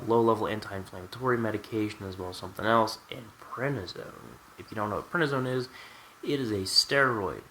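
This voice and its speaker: Bright-voiced man telling a candid story. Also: lowish voice, a little hiss or hum, low-quality recording. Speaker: vlogger. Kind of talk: storytime vlog.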